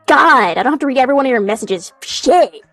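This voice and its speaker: High-voiced, animated young woman streaming. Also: racing, no echo, faint music behind. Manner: animated, swears a lot, laughs often, reacts to chat. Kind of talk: casual livestream chat. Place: home room.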